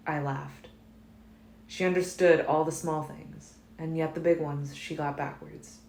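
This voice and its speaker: Woman audiobook narrator; low, even delivery; faint hiss in an echoey room. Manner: calm, measured first-person reading. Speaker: audiobook reader. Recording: roomy echo, faint noise.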